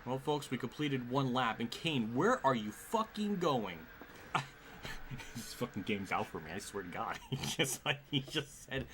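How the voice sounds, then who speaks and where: A man's voice: mid-range voice, lively intonation, moderate pace, a bit bright, a little hiss or hum. Cursing, frustrated racing game streamer man. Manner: frustrated, profane, swearing often at the game; mutters and laughs under his breath. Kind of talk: live gameplay commentary.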